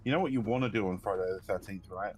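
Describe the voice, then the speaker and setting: A man's voice: on the low side, racing, a little mellow, soft background music. A man from the UK, teasing his friend and laughing while they chat over a game. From United Kingdom. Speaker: co-player. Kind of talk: casual gaming chat.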